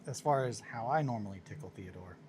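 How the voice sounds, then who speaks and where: Low-voiced man chatting while painting miniatures. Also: animated, fast talker, background noise. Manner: rambling, chatty, self-amused. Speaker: hobby streamer. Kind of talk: casual live-stream chat while working on miniatures.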